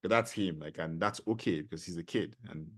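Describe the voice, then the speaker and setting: A middle-aged man with a Nigerian accent, appearing as a guest on a podcast, tells stories in a casual interview. His voice sits low and runs a little fast, and he is animated, using many fillers.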